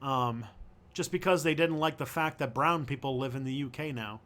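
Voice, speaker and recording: A male host answering viewer questions on a casual livestream, thinking aloud in a halting way with many fillers and restarts. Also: medium pitch, a bit bright.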